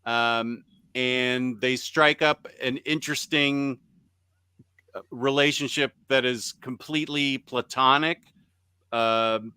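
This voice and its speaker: Man, podcast host, unhurried halting delivery, smooth crisp tone. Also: medium pitch, steady tone, sharp tone, no room sound. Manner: halting, many ums and restarts. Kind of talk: casual chat. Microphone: USB microphone on computer.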